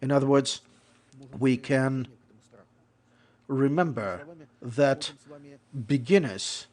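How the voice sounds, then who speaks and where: A man delivering a lecture as a voice-over, in a measured explanatory way, often restating points and correcting himself mid-phrase. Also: medium pitch, darkish tone. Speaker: lecturer on interpreting.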